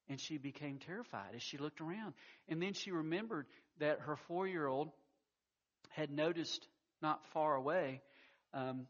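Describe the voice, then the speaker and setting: A pastor preaching a sermon, telling stories in a folksy way with frequent stammered restarts. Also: male voice, a little high. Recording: muffled lo-fi recording.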